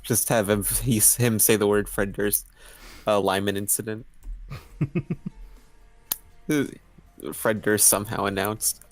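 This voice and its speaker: Low-voiced young man in casual chat. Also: flat delivery, slow pace, long pauses, faint music behind. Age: young adult. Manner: rambling, restarts, chuckles. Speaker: stream co-host. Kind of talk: casual chat while writing.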